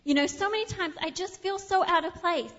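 A middle-aged woman preaches to her congregation in a high voice, earnest and heartfelt, moving between raised declarations and soft, hushed lines. The sound is a little dull, with a long reverb trailing through the church sanctuary. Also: a little fast. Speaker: pastor. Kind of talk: sermon.

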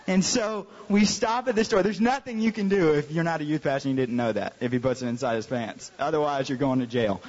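A young adult man, a youth pastor, telling a lively story in a sermon and acting out the voices of the people in it. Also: on the high side, fast, few pauses. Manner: animated storyteller, acts out quoted voices. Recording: dull sound with long hall reverb.

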